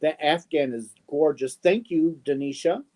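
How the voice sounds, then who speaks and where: A middle-aged man hosts a casual live stream and reads viewer comments aloud. His voice sits a little high, and he speaks very slowly. He pauses often with ums and adds fond little asides. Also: a little mellow. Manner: slow, halting, many ums, affectionate asides.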